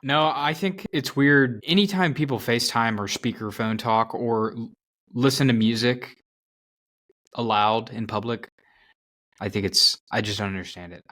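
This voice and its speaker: A man in his late twenties talks through his views on a podcast in a reasoned, earnest way. His voice sits at an ordinary mid pitch. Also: moderate pace, fairly bright tone. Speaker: podcast co-host. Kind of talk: casual chat.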